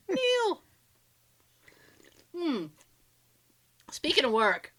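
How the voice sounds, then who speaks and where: A woman co-hosting a podcast, telling animated stories in casual chat, swearing freely and laughing often. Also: high-pitched, drawn-out words. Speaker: podcast co-host.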